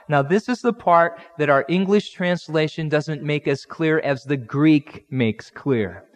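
A man's voice: fairly high pitch, unhurried. A male pastor preaching a conversational sermon, acting out the people in the Bible story in everyday speech. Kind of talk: expository sermon. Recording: long hall reverb.

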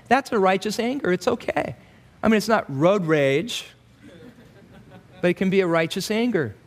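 Animated high-voiced male preacher. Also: fairly quick. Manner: animated, acts out voices in quoted asides. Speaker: pastor. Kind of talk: expository sermon.

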